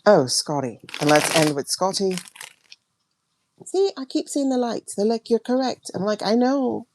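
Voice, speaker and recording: A woman hosting a tarot livestream, ranting emphatically and repeating herself, her voice swinging between loud and hushed. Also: medium pitch, very animated, measured pace, a little hiss or hum. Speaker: tarot reader and livestream host.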